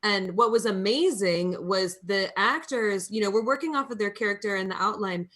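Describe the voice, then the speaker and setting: A woman's voice: mid-range voice, normal speed, a bit bright. A woman film director on a podcast, explaining her work in a reflective, talkative way. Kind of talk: podcast interview.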